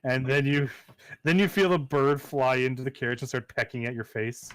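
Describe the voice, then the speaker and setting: A man narrating a tabletop game as game master, in playful, halting narration with many fillers. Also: mid-range voice, fairly bright tone, clear, resonant tone, no room sound.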